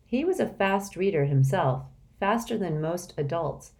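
A woman narrating a children's novel in a steady, expressive reading. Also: on the low side, unhurried. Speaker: audiobook narrator. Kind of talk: storybook narration.

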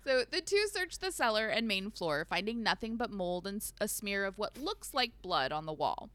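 A woman's voice: mid-range voice, big pitch swings, moderate pace, fairly bright tone, no room sound. A woman hosting a podcast who retells a book in a casual chat, laughing often as she tells the story. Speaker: podcast host.

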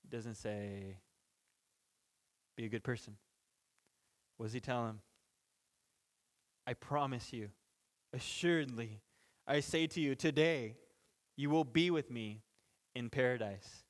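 A man's voice: mid-range voice, takes it slowly, long pauses. A man teaching through a Bible passage in an informal, conversational way, chuckling between points and restarting sentences. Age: parent of children. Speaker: pastor.

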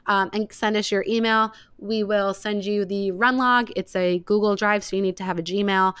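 A woman's voice: medium pitch, steady tone, normal speed, fairly bright tone, clean tone, no echo, clean studio sound. A young woman hosting a podcast in casual chat, rambling and emotional, with lots of filler words. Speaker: podcast host.

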